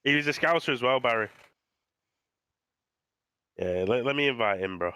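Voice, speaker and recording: A man's voice: mid-range voice, animated, moderate pace, pushed and bright, smooth, no echo. A man in a gaming party chat, urging his friends on and telling them to join his party. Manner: eggs friends on, urges to join.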